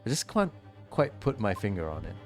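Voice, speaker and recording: A man's voice: lowish voice, sing-song, fairly quick, faint music behind. A man voicing an earnest, hesitant young defense lawyer. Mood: unsure.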